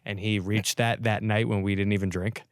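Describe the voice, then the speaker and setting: A young man hosting a podcast, chatting casually and telling animated stories, acting out what others said. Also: on the low side, normal speed, clear, resonant tone, dry recording, clean studio sound. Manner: animated storyteller, acts out quotes. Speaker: podcast host. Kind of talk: casual chat. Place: podcast studio.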